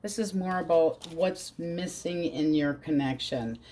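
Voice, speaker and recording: A woman's voice: deep voice, a little slow, mellow. A woman doing a casual tarot reading, talking bluntly and swearing freely. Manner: blunt, swears freely, quotes in exaggerated voices. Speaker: tarot reader.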